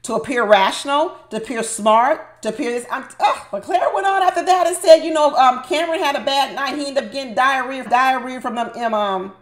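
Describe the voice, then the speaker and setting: A woman with a fairly high voice delivers opinionated recap commentary on a reality show. She talks emphatically and straight to her viewers. Her voice rings in an echoey room. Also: brisk, few pauses.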